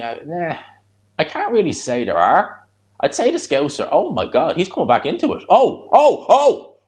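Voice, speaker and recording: A man with a Dublin Irish accent giving casual live commentary on a fight and chatting with viewers in a blunt, rambling way. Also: medium pitch. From Ireland. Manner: chatty, blunt, answers chat between fight reactions. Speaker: streamer hosting a live watch-along.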